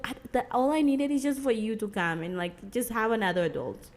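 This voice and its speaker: Guesting in a relaxed interview, a young Mozambican woman speaks fairly quickly in a somewhat high voice. She animatedly acts out quoted dialogue in her stories, peppering them with fillers, especially "like."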